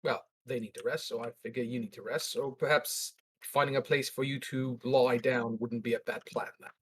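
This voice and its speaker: A man's voice: mid-range voice, fairly even intonation, moderate pace, slight background noise, voice pushed down, lightly acted. A man playing weary, stuffy adventurer Tibbs. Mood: weary, formal. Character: weary, status-proud male adventurer Tibbs.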